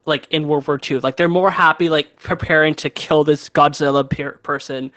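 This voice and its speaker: Chatty man, quick agreeing podcast co-host. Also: fairly high pitch, steady tone, fairly bright tone, dull audio. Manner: chatty, agreeable, frequent yeahs. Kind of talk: casual chat.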